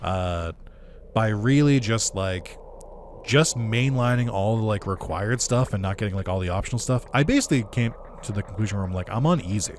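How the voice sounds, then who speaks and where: A man's voice: fairly low pitch, normal speed, a little hiss or hum. A man giving casual gaming commentary, rambling and laid-back with lots of fillers and some swearing. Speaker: let's play commentator.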